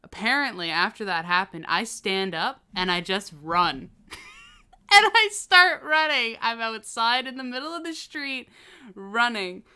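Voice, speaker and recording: A woman with a bright, crisp voice tells a story on a casual podcast. She keeps breaking into laughter between phrases, and her delivery stays smooth and forward. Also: medium pitch, lively intonation, a little slow. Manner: laughs often while telling a story. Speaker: podcast co-host.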